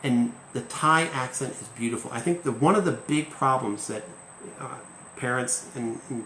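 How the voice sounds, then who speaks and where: A man's voice: mid-range voice, fairly quick, bright, forceful tone, slight background noise. A man hosting a live-stream chat as an English teacher, talking emphatically and tagging points with "okay?". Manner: emphatic, keeps asking "okay?". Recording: roomy echo, faint ambience.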